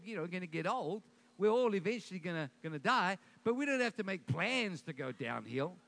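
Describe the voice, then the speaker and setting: A man's voice: high-pitched, fairly bright tone. A middle-aged man preaching a sermon as pastor, building points with emphatic repeated declarations and dropping in joking asides.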